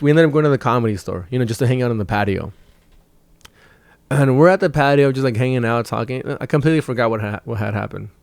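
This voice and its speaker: A young stand-up comic rambles through a story on his own podcast, cursing freely and getting animated when he quotes people. His voice sits at an ordinary pitch for a man. The sound is dry and close. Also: no room sound. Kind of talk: casual storytelling monologue.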